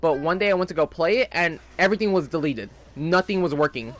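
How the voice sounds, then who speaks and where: A man's voice: on the high side, quick pace, a bit bright. A young man rambling casually in gameplay commentary, chatty and full of fillers. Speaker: gaming channel host.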